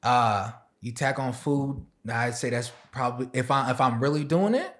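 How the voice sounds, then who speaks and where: A young man, a DJ and chef, chatting as a podcast guest and laughing through his animated stories. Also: mid-range voice, moderate pace. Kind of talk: casual podcast chat.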